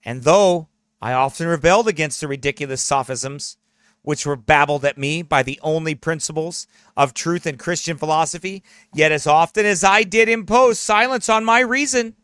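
High, bright-voiced male pastor preaching. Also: clean tone, no room sound, clean studio sound. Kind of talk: sermon, reading aloud from a memoir.

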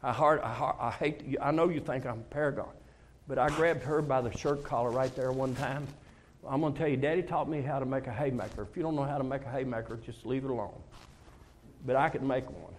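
A man's voice: medium pitch, a little fast, slight background noise. An older man preaches in a plain, folksy way. He tells stories from his own life and voices both sides of his talks with God. His delivery is heartfelt and personal. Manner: storytelling, acts out dialogues with God, emotional confessions. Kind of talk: folksy conversational sermon.

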